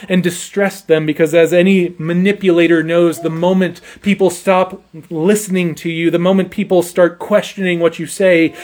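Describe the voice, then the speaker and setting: A man's voice: a little high, a little mellow. A man preaching an expository sermon, earnest and emphatic, often repeating his first words as he goes. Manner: earnest, stammering repetitions, emphatic.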